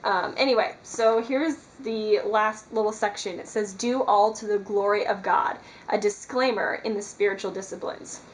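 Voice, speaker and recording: A woman's voice: mid-range voice, normal speed, few pauses, slight background noise, rough recording. A woman talking earnestly to her camera in a casual devotional vlog, rambling with many fillers. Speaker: Christian vlogger. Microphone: camera mic.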